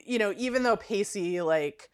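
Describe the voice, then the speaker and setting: A woman's voice: medium pitch, moderate pace, clear, resonant tone, no echo, studio quality. A woman in her thirties co-hosting a podcast, chatting casually and laughing often. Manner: laughs often, relaxed and wry. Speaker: podcast co-host. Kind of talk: casual chat recapping a TV episode.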